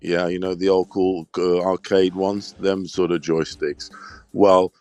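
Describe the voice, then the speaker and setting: A man's voice: sits low, flat delivery, a little slow, darkish tone, faint music behind. A man co-hosting a casual fight stream, blunt and crude, explaining boxing slang. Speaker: co-host. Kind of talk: casual fight commentary chat.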